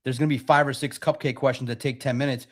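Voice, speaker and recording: A young adult man hosts a live sports podcast, doing live-stream commentary in a mid-range voice. He talks in an animated, rapid-fire way and keeps restarting his sentences.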